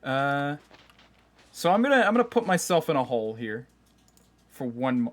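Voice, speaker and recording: A man live-streams a game, chatting easily, teasing himself and laughing often as a keyboard clicks nearby. His medium-pitched voice has a sing-song quality, a normal pace, and long pauses.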